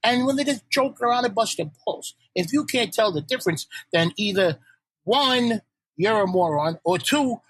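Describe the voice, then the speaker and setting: Husky high-voiced man busting balls. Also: moderate pace, no echo, poor audio. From New York. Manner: animated, ball-busting, swears freely. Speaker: guest, punk band frontman. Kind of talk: casual podcast chat.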